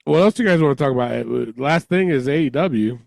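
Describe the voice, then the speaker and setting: A man's voice: medium pitch, animated, quick pace, gravelly, darkish tone, no echo, clean studio sound. A man hosting a casual wrestling podcast and steering the talk. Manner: laid-back, steering the talk. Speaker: podcast host.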